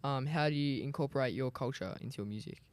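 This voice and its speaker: A man's voice: mid-range voice, fast talker, no echo. A teenage boy interviewing a guest, encouraging and affirming in a casual way. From Australia. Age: teens. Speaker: student interviewer.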